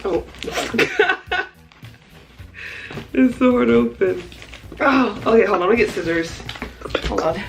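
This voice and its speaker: A woman's voice: mid-range voice, normal speed, vocal fry, music in the background, low-quality recording. A woman vlogging at home, gushing and laughing as she unboxes a care package. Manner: excited, gushing, often laughing. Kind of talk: casual vlog unboxing.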